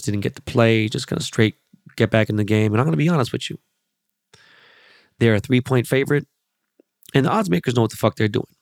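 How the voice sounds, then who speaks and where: A man's voice: lowish voice, gravelly, darkish tone, dry recording, clean studio sound. A man hosting a podcast, telling rambling, profanity-laced stories in a loose, casual monologue. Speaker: podcast host.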